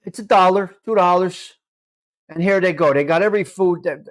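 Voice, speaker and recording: A man's voice: high-pitched, moderate pace. A man hosting a casual live-stream chat, brash and mock-combative, swearing freely as he talks to viewers. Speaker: live show host.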